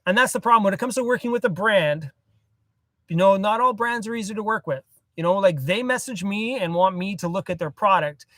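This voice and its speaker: A laid-back man with a fairly high voice rambles through a casual phone livestream from inside his parked van. The sound is dry and close, with no room echo. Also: fairly quick, a bit bright. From Canada. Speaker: van life vlogger. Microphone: cell phone.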